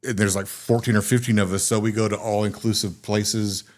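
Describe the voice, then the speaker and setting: A Texan man with a fairly low voice hosts a loose, casual podcast conversation. He tells stories with energy, swears freely and acts out the people in them. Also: level tone, a little fast. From Texas. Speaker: podcast host. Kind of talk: casual storytelling chat.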